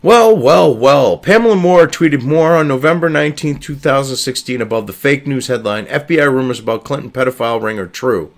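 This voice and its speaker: Hosting a political commentary video, a man reads an article aloud and keeps interrupting it with profane, sarcastic, exasperated remarks. He speaks at a medium pitch, briskly, with few pauses.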